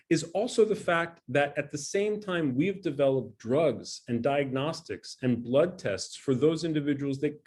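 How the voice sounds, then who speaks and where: A man's voice: mid-range voice, darkish tone. A middle-aged man, a scientist, giving a conversational and earnest talk from his home dining room over a video call. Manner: conversational, earnest, self-deprecating. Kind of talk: presentation talk.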